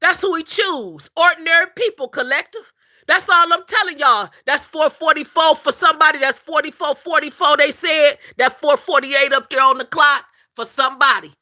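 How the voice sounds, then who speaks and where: A woman's voice: sits high, moderate pace, bright, forceful tone. A woman hosting a casual spiritual livestream, talking emphatically, repeating herself, laughing often and calling her listeners "collective".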